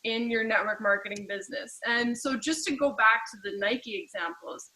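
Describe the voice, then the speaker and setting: A woman leads a casual training session with a bright, clear voice pitched a little high. She talks in a chatty, lively way and keeps slipping into quick acted-out exchanges. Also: poor audio. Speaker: team trainer.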